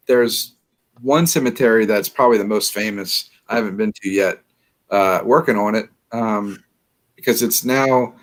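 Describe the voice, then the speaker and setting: Chatty New Orleans man, laughing often. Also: on the low side. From New Orleans, USA. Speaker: guest. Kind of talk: casual interview chat.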